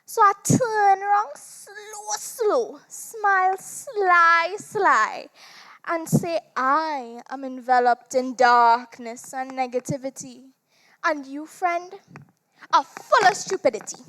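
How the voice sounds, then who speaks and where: A high-voiced woman with a Trinidadian accent performs a theatrical monologue for a dramatized literature competition, playing a seductive demon woman with a cloven hoof. Her delivery is animated and heavily acted, sly and teasing, with words drawn out slowly and loudness that rises and falls sharply.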